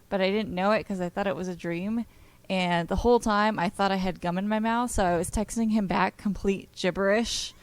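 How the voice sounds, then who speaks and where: A woman's voice: medium pitch, smooth. Giggly young woman telling a story. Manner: chatty, giggly. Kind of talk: casual storytelling chat.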